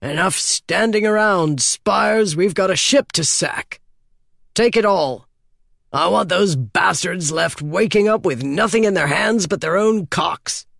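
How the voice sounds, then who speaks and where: A swaggering, theatrical ship captain who loves his work, booming orders and teasing playfully in a storybook reading, as a narrator puts him on. The delivery swings widely in pitch, set down in a dry, close space. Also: animated, moderate pace, no echo, natural voice. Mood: commanding. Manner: commanding, playful.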